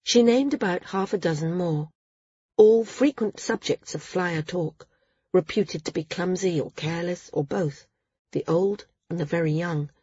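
Husky, breathy woman narrating. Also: on the low side, measured pace, mellow, no echo, muffled recording. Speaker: audiobook narrator. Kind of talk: scripted narration.

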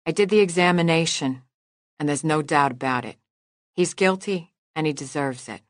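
A woman reading the part of a calm, practical woman who keeps her friend grounded, in a quiet measured way. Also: deep voice, dry recording, clean studio sound, lightly acted. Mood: serious. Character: steady grown woman, a priestess's loyal friend.

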